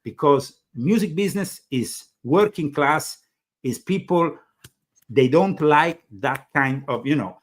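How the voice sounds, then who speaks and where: A man from Italy hosts a talk show with an expressive voice on the high side, taking a slow pace. His accented, conversational interviewing is rambling and hesitant, with plenty of fillers.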